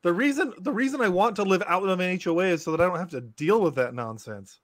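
Man with a high voice on a dry close mic, sarcastic co-host. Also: expressive, quick pace, dry recording. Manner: wry, sarcastic quips. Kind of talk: casual podcast chat.

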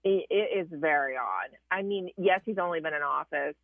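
A woman's voice: sits low, creaky, no echo. Southern woman on a tinny phone line. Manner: measured, explanatory, with hesitations. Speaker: political correspondent guest. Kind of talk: phone-in interview.

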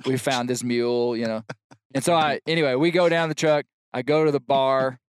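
A middle-aged man on a podcast telling a long funny story, animated and shouting out the lines he quotes. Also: on the high side, a little fast, smooth, dry recording, clean studio sound. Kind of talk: casual storytelling chat.

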